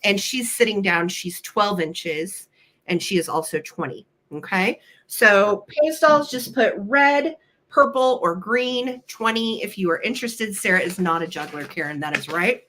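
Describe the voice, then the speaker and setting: Bright-voiced woman hosting a vintage sale. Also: mid-range voice, unhurried. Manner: chatty, friendly, apologetic asides. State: weakened voice after being sick. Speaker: live-stream vintage sale host. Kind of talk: casual live-stream sales pitch.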